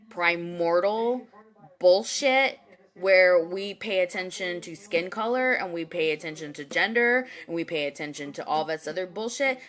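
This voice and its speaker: Through a webcam or phone microphone comes a medium-pitched, fairly bright voice speaking a bit slowly. It belongs to a young Houston woman, a psychic reader and commentator, whose casual live-stream monologue is heated, profane, and rambling, with frequent fillers and false starts.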